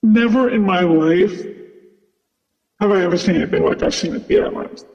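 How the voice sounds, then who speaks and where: This flight attendant's high-pitched, gravelly voice moves with lively intonation at a normal speed. He tells his story casually and chattily, leaning heavily on "like" and "you know," in a dull-sounding recording with long reverb.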